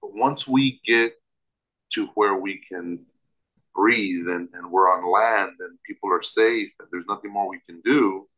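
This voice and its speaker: A man with a somewhat low voice recounts a personal story as an interview guest. He talks vividly and with emphasis, restarting phrases as he goes. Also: unhurried, sharp tone, rough recording.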